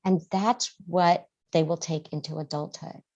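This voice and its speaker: A woman's voice: deep voice, fairly even intonation, measured pace, a little mellow, lo-fi sound. A woman guest therapist giving earnest podcast interview answers, often acting out how parents and children talk.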